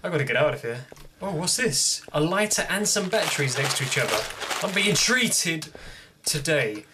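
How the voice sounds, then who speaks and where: Young male gamer host, bright tone, jittery joking horror commentary, faint noise. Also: fairly high pitch, animated, moderate pace. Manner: jumpy, jokey, talking to himself. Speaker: gaming video host. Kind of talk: horror game let's play commentary.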